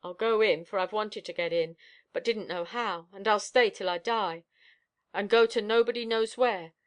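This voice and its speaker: A woman reader voicing a sullen, worn-out destitute young woman with a husky, croaking voice and coarse slang. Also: mid-range voice, normal speed, muffled recording, natural voice. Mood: weary.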